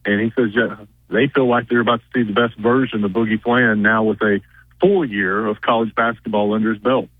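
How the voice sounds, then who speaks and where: A man phones in to a sports radio show, sounding thin and tinny, like a phone line. His voice is a little husky and dry, and he rambles casually, stumbling over names and trailing off. He comes across as a reporter giving his notes on the fly. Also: fairly low pitch, steady tone, brisk, dry recording. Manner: rambling, filler-heavy, loses his train of thought. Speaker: reporter calling in from media days.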